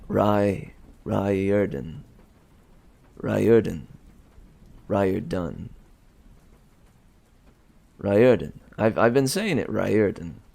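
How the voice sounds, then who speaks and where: An audiobook reader with a lowish, slightly mellow, creaky voice rambles in a casual aside, extremely slowly and with frequent pauses. Expressive and self-amused, he chuckles often and keeps restarting.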